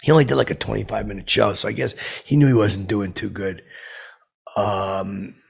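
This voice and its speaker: A deeply gravelly, husky voice belongs to a boastful, clueless washed-up stand-up comic, played by a man. He rambles on, stumbling over his words and quoting his own lame jokes. His talk is loose and meandering, full of fillers. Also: fairly even intonation, normal speed, exaggerated voice. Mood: rambling. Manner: rambling, stumbling, with many fillers and self-quotes. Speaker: character comedian telling a story. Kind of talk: improvised comic monologue.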